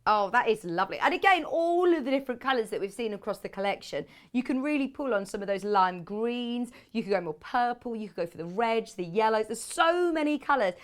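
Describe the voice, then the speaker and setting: A woman's voice: animated, a little fast, hardly any pauses. A woman hosting a live sewing shopping show, presenting fabrics with upbeat enthusiasm. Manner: upbeat and enthusiastic, pitching products. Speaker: shopping channel host. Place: TV shopping studio.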